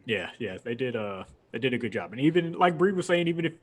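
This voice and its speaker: Talking fast with a sing-song, medium-pitched voice, a young male podcast host wanders through a lengthy story in casual conversation, breaking into frequent laughter.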